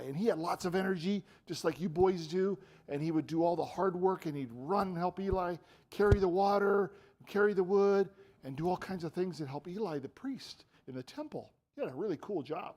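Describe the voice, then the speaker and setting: Older guy in a church telling kids a bible story, lively, asks them questions, slightly high voice. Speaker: visiting preacher.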